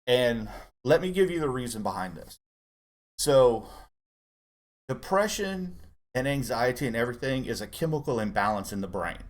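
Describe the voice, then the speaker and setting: A middle-aged man telling a candid personal story in casual chat, earnest and halting as he opens up. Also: mid-range voice, lively intonation. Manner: earnest, halting, open about emotion. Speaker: co-host guest dad.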